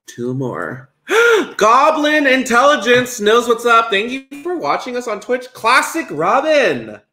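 A man's voice: very high voice, huge pitch swings, slow pace, bright, forceful tone, roomy sound. A man co-hosting a live cooking stream in casual chat, playful, reading viewer comments aloud and breaking into song.

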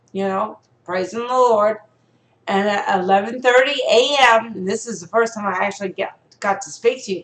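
A woman's voice: mid-range voice, fairly bright tone, roomy sound, low-quality recording. A woman giving a live-streamed prophetic message, earnest and direct, often checking in with "okay?" and "you know".

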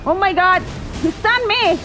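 A woman streamer commenting live on her gameplay, excitable, often yelping and laughing. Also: very high voice, measured pace. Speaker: streamer playing a video game.

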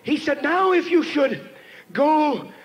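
A man preaching a sermon, telling a story and building to shouted emphasis as he calls on the congregation. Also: very high-pitched, very animated, slow, poor audio. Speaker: pastor. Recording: 1990s church sermon tape with faint hiss.

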